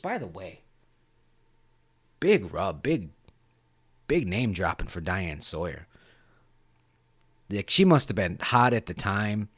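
Animated, cussing male podcast host. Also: mid-range voice, no room sound, clean studio sound. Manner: profane, rambling, animated retelling. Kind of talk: casual film chat.

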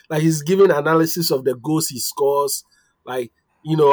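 Higher-voiced man in dry close chat. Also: a little slow, a little mellow, dry recording. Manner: chatty, quotes himself, says "guy" and "like" a lot. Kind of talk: casual football chat.

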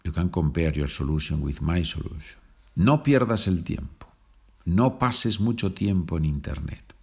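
Brief Male podcast language teacher, deep husky voice, patient and chatty. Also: expressive. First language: Spanish. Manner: slow deliberate example sentences, chatty asides ending in "okay?".

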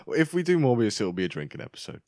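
A man's voice: medium pitch, very animated, racing, darkish tone, no room sound, clean studio sound. A young man co-hosting a movie podcast from a spare room, upbeat and agreeable, laughing often as he chats. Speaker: podcast co-host. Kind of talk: casual chat.

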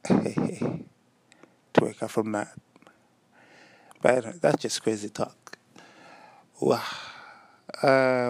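A man's voice: medium pitch, darkish tone, dry recording. A young man hosting a solo diary-style podcast, rambling and musing aloud with self-mocking asides. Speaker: podcast host.

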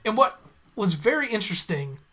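A man's voice: high-pitched, very animated, fairly quick, sharp tone, soft background music. Rambling man recapping an episode. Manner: rambling, goes off on tangents, self-correcting. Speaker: podcast host recapping a cartoon episode. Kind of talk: casual chat.

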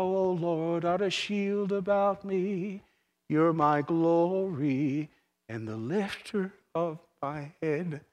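A middle-aged male pastor preaching a sermon, swinging from hushed, soft passages to loud, impassioned ones and repeating phrases for emphasis. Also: high-pitched, big-room sound.

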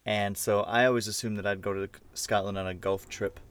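A man's voice: lowish voice, level tone, a little fast, a bit bright, smooth, no echo. A man co-hosting a podcast in casual chat, jokey and self-mocking. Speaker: podcast co-host.

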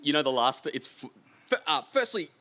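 A man speaks on stage before a live audience with a bright, pushing tone. He rambles through his stories with lively energy, circling back and restarting as he goes. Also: on the high side, brisk, vocal fry. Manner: animated, rambling storyteller. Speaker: author being interviewed.

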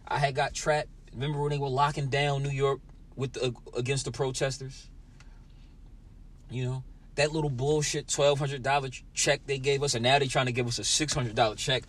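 A man's voice: medium pitch, level tone, moderate pace, fairly bright tone. A young man hosting a podcast, ranting with lots of swearing and talking straight at his listeners in a sour, angry mood. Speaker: podcast host. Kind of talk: profane solo podcast rant.

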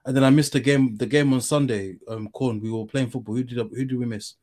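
A man's voice: medium pitch, steady tone, fast, a little mellow. A man co-hosting a casual football podcast, chatty and a bit defensive. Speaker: podcast co-host.

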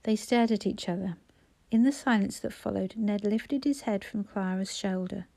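A woman narrating an audiobook in a soft, even storytelling voice on a close mic. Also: medium pitch, moderate pace, creaky.

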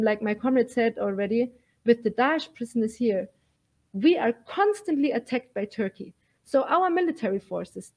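Earnest woman speaking with emphasis. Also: sits high. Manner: earnest, emphatic, frequent fillers. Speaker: guest, militia fighter. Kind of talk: earnest interview talk.

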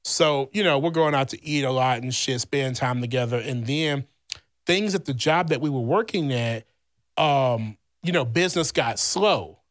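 A man from Louisiana, a podcast host, telling a rambling, animated personal story in casual chat, swearing freely. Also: mid-range voice, normal speed, dry recording, studio quality. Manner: heavy swearing, blunt and animated; rambling with many fillers.

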